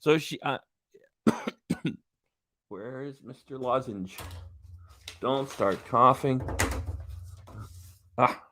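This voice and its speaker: A man's voice: mid-range voice, very slow, long pauses, noisy background. A man hosting a livestream, rambling with many fillers and restarts as he greets commenters. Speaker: livestream host.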